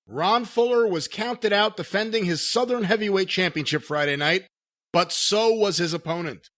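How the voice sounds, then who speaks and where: A man's voice: high-pitched, sharp tone. A man co-hosting a podcast, reading a newspaper clipping aloud and wrapping up the show. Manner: reads news clips aloud. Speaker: podcast co-host.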